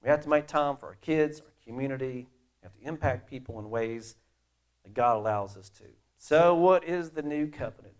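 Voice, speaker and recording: A middle-aged pastor's sermon moves at a normal speed in a medium-pitched voice, conversational and animated as it swings from loud stresses to quiet asides.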